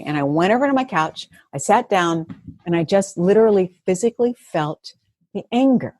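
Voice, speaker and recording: A woman therapist talks as a podcast guest, her voice a little husky and swinging widely in pitch. She tells stories with lots of laughter. The sound is close and dry. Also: normal speed, no echo. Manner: animated, laughs often. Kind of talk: conversational storytelling.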